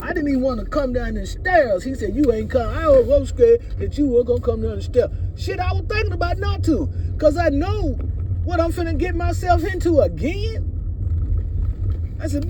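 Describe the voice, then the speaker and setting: A woman's voice: sits high, lively intonation, normal speed, mellow, slight background noise. A middle-aged woman gives relationship advice to her viewers in a casual monologue. She repeats her points emphatically and speaks straight to her audience. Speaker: vlogger giving relationship advice.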